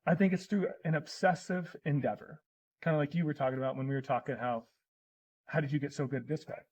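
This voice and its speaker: A man's voice: fairly high pitch, fairly even intonation, quick pace, a little mellow, slightly rough, low-quality recording. A middle-aged man in casual conversation as a podcast guest, telling personal stories in an earnest, emotional way.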